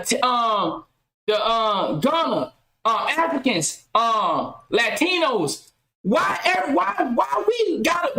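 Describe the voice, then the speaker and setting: A woman hosting a podcast, talking loudly and passionately, firing off rhetorical questions in casual commentary. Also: sits high, reverberant, rough recording. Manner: loud, impassioned, rhetorical questions. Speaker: podcast host.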